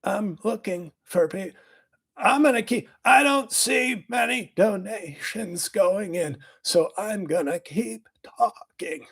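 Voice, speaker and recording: A man doing a comedic impression of a boastful, cranky older male health official, with a raspy, strained voice, rambling and bursting into shouts. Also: high voice, slow pace, heavily acted.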